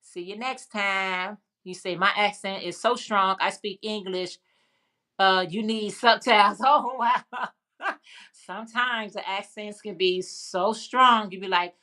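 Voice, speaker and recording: Bright-voiced woman hosting a live chat. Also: mid-range voice. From Chicago, United States. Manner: chatty, laughs often, rambling restarts. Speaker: livestream host. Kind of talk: casual live chat reading viewer comments.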